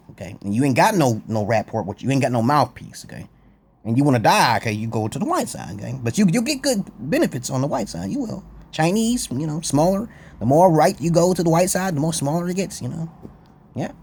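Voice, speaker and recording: A man's voice: a little high, sing-song, fairly quick, a little mellow, slightly rough. A man talking to camera in a rambling, crude, boastful monologue, laughing often. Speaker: vlogger.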